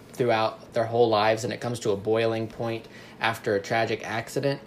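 Young male podcast co-host, casual and rambling, faint noise behind. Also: medium pitch. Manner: self-deprecating, rambling with fillers. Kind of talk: casual chat.

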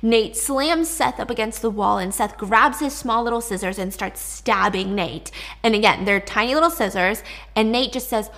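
A woman narrating a dark story in a chatty, casual retelling with wry asides. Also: on the high side, normal speed.

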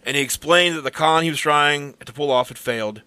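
A man's voice: on the high side, brisk, pushed and bright, smooth, no echo. A man co-hosting a podcast, telling a story in a laid-back, casual way with some swearing. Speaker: podcast co-host.

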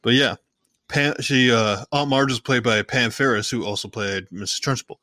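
Chatting casually through a movie recap, this podcaster rambles, restarts and corrects himself, and occasionally jumps playfully into characters' lines. He speaks at normal speed in a bright, forward, mid-range voice, recorded close and dry with no room sound or echo.

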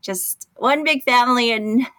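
A woman's voice: on the high side, unhurried, a bit bright, no echo, studio quality. A woman in her forties, a teacher, chatting as a radio guest, using fillers and laughing lightly. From United States. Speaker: interview guest, schoolteacher. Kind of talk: remote radio interview.

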